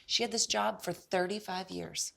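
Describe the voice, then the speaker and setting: Woman, real estate agent, animated storyteller, casual podcast chat. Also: mid-range voice, normal speed, vocal fry. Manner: animated storyteller, acts out quoted voices.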